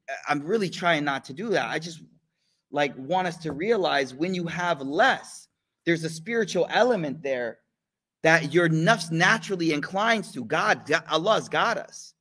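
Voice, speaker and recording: A man leading a live study circle speaks at a measured pace in a slightly high, bright, forceful voice that is a little rough and swings widely in pitch. His casual sermon uses slang, asks the audience questions and includes recited religious phrases.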